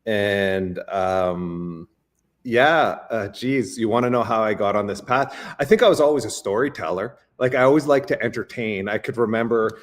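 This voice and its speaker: Speaking at a moderate pace with a fairly low voice, this Canadian guest chats in a casual interview. His delivery is lively, full of stuttered restarts and filler words.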